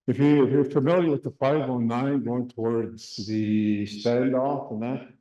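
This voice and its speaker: A man teaching a classroom language lesson. He speaks slowly, drills words and has the class repeat them. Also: mid-range voice, steady tone, warm tone, reverberant, highs cut off. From Canada.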